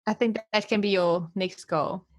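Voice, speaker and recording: A woman hosts a relaxed chat, her voice at a middle pitch. She reacts eagerly to everything her guest says, and her voice sounds dry and close to the mic. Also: no echo. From South Africa. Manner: encouraging, quick to react. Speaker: podcast host. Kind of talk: casual interview chat.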